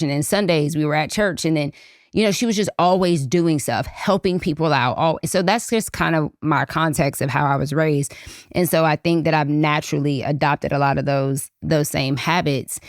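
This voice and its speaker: A woman's voice: deep voice, no room sound, studio quality. A woman in her thirties hosting a podcast, talking through a Bible passage in a chatty way, often repeating and restarting her phrases. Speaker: podcast host. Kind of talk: personal Bible reflection.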